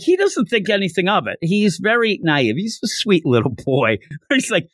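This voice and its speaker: A man hosting a podcast, recapping a manga chapter in a jokey, animated way. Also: high-pitched, moderate pace, no echo, studio quality. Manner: animated, jokey, laughs while retelling. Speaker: podcast host.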